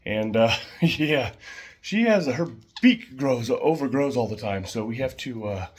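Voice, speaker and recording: A man casually showing his pet birds at home, chatting in a rambling way with fillers and soft laughs. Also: mid-range voice, animated, measured pace.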